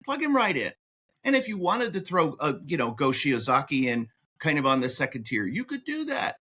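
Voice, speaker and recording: A man hosting a podcast in casual chat, talking excitably and swinging his pitch up and down. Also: a little fast, slightly rough. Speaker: podcast host.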